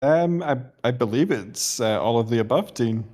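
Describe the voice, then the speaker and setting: A young Scottish man competing in a quiz during a casual podcast chat answers hesitantly, drifting into rambling stories and swearing. His mid-range voice has a darkish tone and lively intonation, at a moderate pace.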